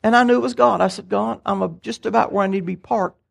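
An older man, preaching a sermon and telling stories in a folksy, animated way. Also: sits high, fast, gravelly. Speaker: pastor.

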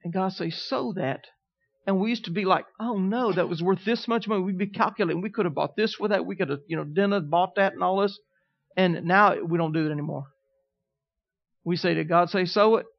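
High-voiced storytelling preacher man. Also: a little fast, vocal fry. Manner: storytelling preacher, calls out "Amen?" to the congregation. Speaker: pastor. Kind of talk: sermon. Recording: dull lo-fi sermon recording.

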